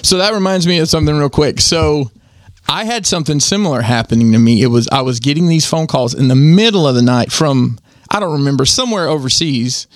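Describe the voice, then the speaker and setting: A man's voice: on the high side, a little fast, dry recording, clean studio sound. A man telling stories in casual podcast chat. He acts out the quotes and swears freely. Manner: animated, swearing storyteller who acts out quotes.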